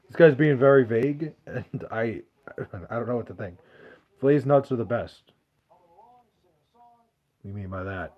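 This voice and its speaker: A man's voice: mid-range voice, highs cut off. Profane, joking male podcast host. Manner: loose, profane, joking banter. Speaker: podcast host answering chat questions. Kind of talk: casual chat.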